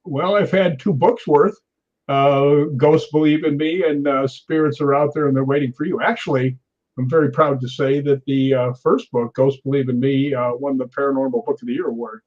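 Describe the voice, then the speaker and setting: In a storytelling interview, a stuntman in his sixties animatedly recounts stories, acting out quotes and laughing often. His voice is medium-pitched and steady at a moderate pace, and the recording is muffled.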